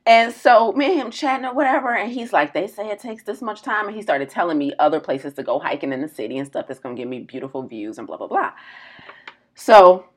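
A woman's voice: medium pitch, brisk, husky. A woman from the United States co-hosting a podcast, telling a story in casual chat and acting out the people in it. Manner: animated storyteller acting out quoted voices. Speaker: podcast co-host.

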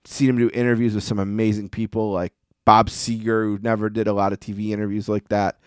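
A man's voice: lowish voice, flat delivery, quick pace, darkish tone, smooth, no echo, studio quality. A man co-hosting a podcast in casual chat, rambling and easygoing with plenty of fillers. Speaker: podcast co-host.

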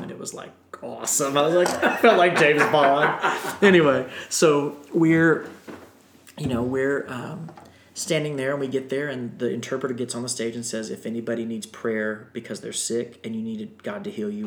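Male storyteller, animated and emotional, podcast guest, mid pitch, echoey room. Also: vocal fry, slight background noise. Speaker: guest singer. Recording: roomy echo.

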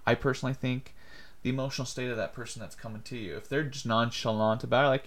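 A man's voice: mid-range voice, fairly even intonation, quick pace, a bit bright. A young man co-hosting a podcast, talking earnestly and rambling a little, acting out the lines he quotes. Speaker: podcast co-host. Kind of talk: casual chat.

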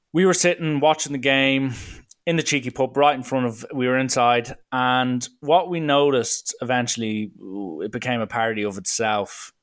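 A man's voice: medium pitch, fairly bright tone. A man, hosting a solo podcast and telling a story in a chatty, rambling way. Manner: rambling and chatty, with fillers and slang. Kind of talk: casual storytelling monologue.

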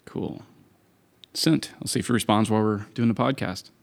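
A man's voice: fairly low pitch, moderate pace, gravelly. A man co-hosting a podcast in casual chat, opinionated and wry, making his points with emphasis. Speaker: podcast co-host.

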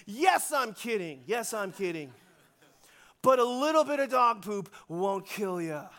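A sly, teasing youth pastor, as a preacher puts him on. He reassures his campers in a high, playful voice while hiding a prank. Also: expressive, normal speed, a bit bright, a little hiss or hum. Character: teasing middle-aged male youth pastor, playful trickster.

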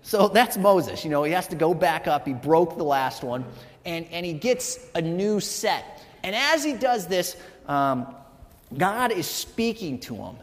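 A man's voice: fairly high pitch, expressive, unhurried. A man in his thirties, a pastor giving a conversational sermon, telling the story casually and checking in with the congregation with frequent "right?" asides. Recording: long hall reverb.

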